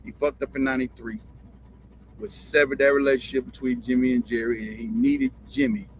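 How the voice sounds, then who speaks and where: Brisk and expressive, this medium-pitched, creaky-voiced man hosts his own show with a Southern country drawl, telling rambling, profane stories and repeating himself. A little background noise can be heard.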